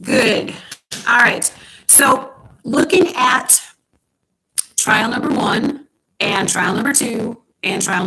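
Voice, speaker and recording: A woman's voice: on the high side, pushed and bright, slightly rough, rough recording. Patient woman teaching chemistry online. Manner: explaining steps patiently with frequent ums. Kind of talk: online class lecture. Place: at home. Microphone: home computer mic on a live stream.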